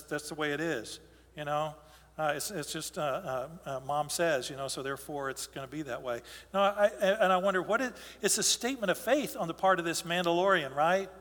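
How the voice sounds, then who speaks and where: Bright-voiced pastor preaching in a reverberant hall. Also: male voice, sits high. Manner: conversational storytelling, asides and restarts. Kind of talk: sermon.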